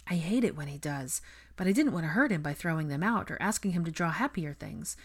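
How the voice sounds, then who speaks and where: A woman's voice: fairly low pitch, expressive, a little fast, breathy edge. A woman voicing an anxious, caring young woman in a storybook reading, earnest and close to tears.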